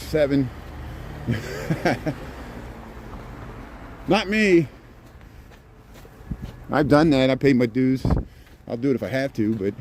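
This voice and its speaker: A man's voice: on the high side, darkish tone. A middle-aged man walking city streets at night, chatting to his phone camera in a rambling way with many restarts. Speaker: walking vlogger. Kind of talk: casual walking commentary. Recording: faint street and traffic noise.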